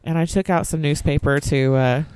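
A woman in her thirties co-hosting a podcast, telling an animated story, acting out quotes and swearing freely. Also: low-pitched, moderate pace. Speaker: podcast co-host. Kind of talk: casual chat, storytelling.

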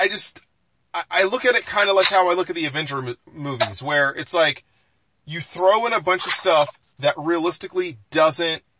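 A man's voice: a little high, bright, forceful tone, husky, no room sound, rough recording. A man co-hosting a live podcast, talking in a rambling, emphatic way with many restarts and some swearing. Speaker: podcast co-host. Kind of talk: casual chat.

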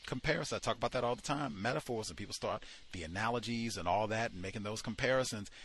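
A man's voice: lowish voice, fast, a bit bright, husky. A man hosting a study session, reading passages aloud from a book and breaking off into heated commentary, with frequent fillers while he searches the text.

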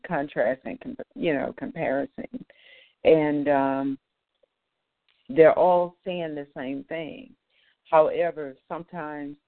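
The host of an online community call gives an informal spiritual talk on scripture, halting often with fillers and restarts. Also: medium pitch, dry recording. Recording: tinny phone-line sound, dry.

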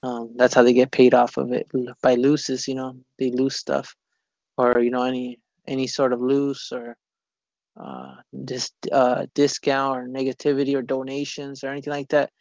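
A man talks in loose, rambling casual chat, full of restarts and curse words. His voice is gravelly and sits in a middle pitch. The recording is dry and close but dull and lo-fi. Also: completely flat delivery, darkish tone, dry recording. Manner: rambling, profane and halting with many restarts. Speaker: conversation partner.

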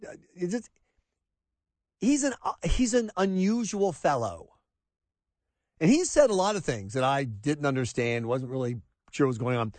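A man hosting a talk radio show, excitable and exasperated, stammering and restarting as he talks in a studio. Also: fairly high pitch, moderate pace, pauses often, no room sound.

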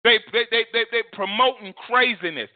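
A man preaches with a high, ringing voice, repeating words and swinging between loud and quiet. The sound is narrow and phone-like, dry and close. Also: moderate pace, no echo. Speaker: pastor. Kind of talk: sermon.

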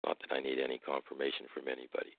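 A man with a very deep, gravelly voice speaks in a deliberate, unhurried way, turning pointed and combative when challenged. His voice comes through a thin, tinny phone-like line with a dry, close sound. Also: completely flat delivery, dry recording. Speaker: guest speaker. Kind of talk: casual storytelling and argument.

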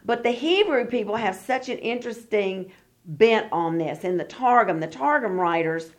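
A woman's voice: mid-range voice, moderate pace. A woman leading a Bible study, reading scripture aloud and then explaining it in casual talk, acting out the quoted speakers. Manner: acts out the quoted speakers in lively voices.

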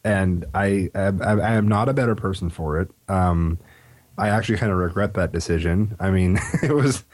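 A man's voice: low-pitched, moderate pace, a little mellow. A man co-hosting a casual podcast, swearing freely and laughing often. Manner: laughing, profane. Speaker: podcast co-host. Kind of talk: casual chat.

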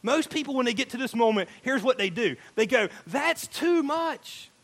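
Man, pastor, sermon, high voice, emphatic. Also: quick pace, a bit bright. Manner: emphatic, quotes people in acted asides.

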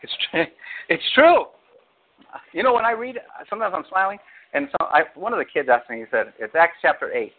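Man, pastor, animated sermon, lively pitch, phone-like sound. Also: brisk. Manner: animated preaching, acts out quotes with big pitch jumps. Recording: tinny phone-like audio.

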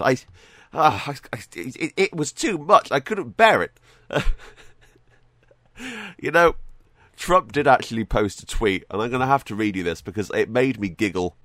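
A man's voice: medium pitch, fairly bright tone, no echo. A man hosting his own podcast, chatting casually and joking, laughing often and tripping over repeated words. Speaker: podcast host. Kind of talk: casual solo podcast commentary.

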